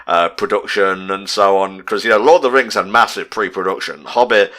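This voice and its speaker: A man's voice: fairly low pitch, steady tone, brisk, sharp tone. A young man chatting casually on a movie commentary, rambling with lots of fillers as he reads through a list. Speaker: commentary co-host.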